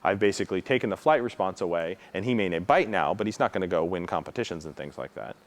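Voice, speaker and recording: A man with a fairly low voice teaches protection dog training to students. He talks casually and keeps checking in with a quick "right?", now and then acting out how the dogs react. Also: animated. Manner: frequent tag question "right?"; acts out dog reactions with his own voice.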